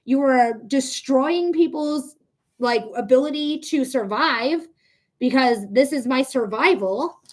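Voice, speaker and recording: A young woman hosts a live psychic reading stream, chatting casually with viewers, venting her frustration and swearing plenty. Her voice sits high and she speaks at a slow pace.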